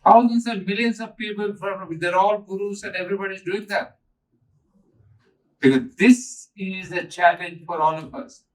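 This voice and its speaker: Earnest older man, raised pitch. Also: steady tone, moderate pace, far from the mic, low-quality recording. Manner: earnest, emphatic, repeats key phrases. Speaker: spiritual teacher. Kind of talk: spiritual talk to a gathering.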